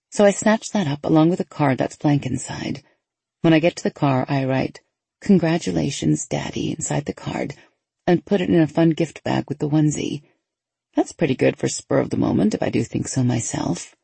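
Woman narrator with a gravelly, husky voice, chatty first-person read. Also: a bass voice, normal speed, no room sound. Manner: lively, conversational inner monologue. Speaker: audiobook narrator.

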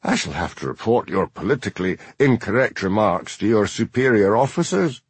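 A man's voice: lowish voice, lively intonation, a little fast, husky, no room sound. A man voicing a prissy, haughty newcomer who talks down to people. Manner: prim, haughty, superior.

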